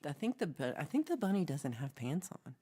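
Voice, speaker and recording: Chatty low-voiced woman streamer. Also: sing-song, a little fast, mellow, slightly rough. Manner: chatty, rambling, giggly, with playful asides. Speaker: livestream co-host. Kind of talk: casual chat reading live comments.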